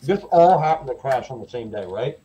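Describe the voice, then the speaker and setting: A man's voice: medium pitch, sing-song, brisk, dark tone. A Canadian man co-hosting a live podcast, chatting casually with dry one-liners. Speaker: co-host. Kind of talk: casual chat. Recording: dull lo-fi sound.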